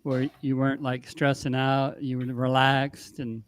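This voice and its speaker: A man asking casual interview questions in a soft-spoken way. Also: mid-range voice, completely flat delivery, a little slow, dry recording.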